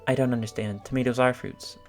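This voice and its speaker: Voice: medium pitch, steady tone, quick pace, a little mellow, soft background music, natural voice. A gamer reading a game's dialogue aloud as an earnest, pedantic scientist man. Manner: reads game dialogue aloud.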